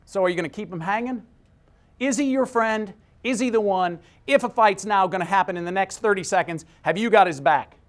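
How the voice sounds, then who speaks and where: A middle-aged man giving a motivational talk, telling stories with big swings in pitch and loudness. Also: a little fast. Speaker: speaker. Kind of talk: motivational speech.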